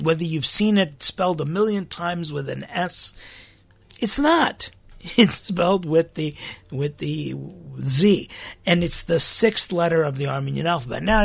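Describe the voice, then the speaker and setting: Priest-host, male, slightly high gravelly voice, casual and chatty, laughs a lot, dry close sound. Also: no room sound. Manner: chatty, laughs often, repeats words. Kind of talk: casual podcast monologue.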